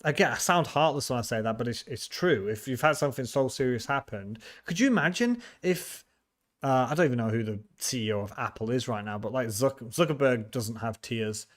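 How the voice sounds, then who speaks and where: A man's voice: medium pitch, lively intonation, a little fast. Casual male streamer, mid-range voice, banters with chat and restarts his sentences. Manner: chatty, teasing, laughs often, frequent restarts. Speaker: livestream host. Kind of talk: casual livestream chat reading viewer comments.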